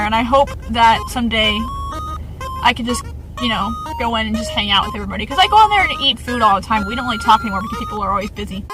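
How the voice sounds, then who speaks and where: A young woman with a slightly high voice chats through a casual storytime, bubbly and quick to giggle. She acts out her coworkers' lines as she goes, and loud music plays behind her. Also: rough recording. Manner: animated, giggly, acts out what people said. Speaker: vlogger telling work stories.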